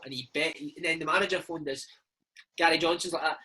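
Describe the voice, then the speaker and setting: A man's voice: on the high side, fairly even intonation, fast, pushed and bright, husky, low-quality recording. A Scottish man in his thirties, a former footballer telling stories in a casual interview, peppering his talk with "mate" and "man". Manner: chatty storyteller, peppers speech with "mate" and "man".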